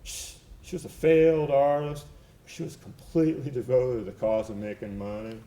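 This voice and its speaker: A man's voice: medium pitch, level tone, normal speed, mellow. A man performing a theatrical one-man monologue on stage, telling his story in a reflective, tender and wry way. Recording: echoey live theater recording.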